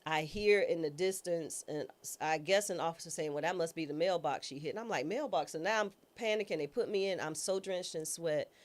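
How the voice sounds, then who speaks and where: A woman's voice: fairly low pitch, fairly quick, hardly any pauses. A woman guest, a former judge and trial attorney, telling a personal story in an interview. She speaks casually and acts out the voices of people she quotes. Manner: casual, informal speech.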